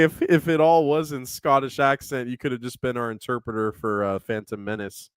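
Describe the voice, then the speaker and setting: A man's voice: mid-range voice, normal speed, smooth, no echo. A young man co-hosting a casual podcast, rambling, laughing often and reading viewer comments aloud. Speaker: podcast co-host reading chat.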